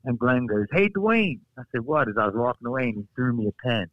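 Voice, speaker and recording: A man, a former wrestler, telling stories on a podcast in a casual, animated way, acting out quotes. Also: racing, dry recording, highs cut off. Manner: animated, acts out quotes with raised pitch. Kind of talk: casual storytelling.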